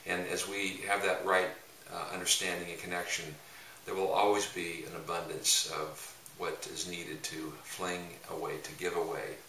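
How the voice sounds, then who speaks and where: A low-voiced man talks loosely and rambles, stopping often on filler sounds as he teaches. His tone is bright and forceful. The room echoes, and the mic sits some way off with faint noise underneath. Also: level tone, moderate pace. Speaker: evangelism ministry leader. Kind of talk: casual teaching talk with anecdotes. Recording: roomy echo, mic at a distance, faint noise.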